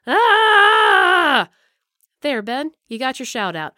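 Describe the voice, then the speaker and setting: A woman's voice: a little high, expressive, moderate pace, a bit bright. A woman hosting a podcast, chatting in a bubbly, playful way. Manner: bubbly, playful, sing-song. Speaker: podcast host. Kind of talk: casual podcast chat.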